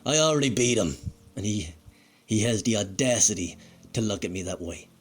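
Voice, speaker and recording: A man's voice: lowish voice, lively intonation, normal speed, soft background music. A man playing a crude, bitter fired wrestler who rambles and swears in a comedic monologue. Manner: foul-mouthed, rambling, self-pitying.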